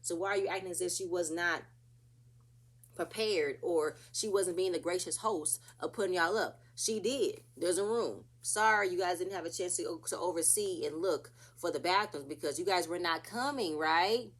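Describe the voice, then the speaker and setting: A woman's voice: on the low side, normal speed. A woman casually recapping a reality TV episode, chatty and opinionated, acting out what the cast said.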